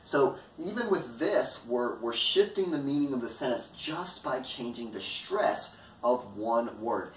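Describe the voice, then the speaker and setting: A man giving an explanatory lesson as an online instructor, lively and playing with stress and pitch in his examples. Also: a little hiss or hum. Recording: echoey room, mic at a distance.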